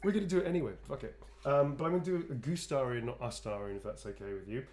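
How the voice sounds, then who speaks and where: Here the voice is medium in pitch, quick, and a little dark in tone. He's an actor drawing sketches viewers asked for during a livestream, tired but playful, rambling along and calling everyone darlings.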